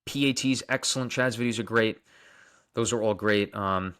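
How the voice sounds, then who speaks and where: A man's voice: lowish voice, fairly quick, fairly bright tone. A young man with a Long Island accent hosts a live stream, reading out viewer comments and answering them casually. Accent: Long Island New York. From Long Island, New York. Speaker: dentist livestream host.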